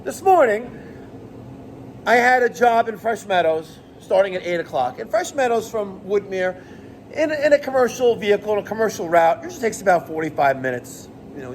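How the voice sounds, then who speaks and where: A man's voice: high-pitched, a little fast, a little hiss or hum. Profane New man ranting. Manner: animated, profane, exasperated ranting. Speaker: plumbing business owner. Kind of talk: rant vlog to camera.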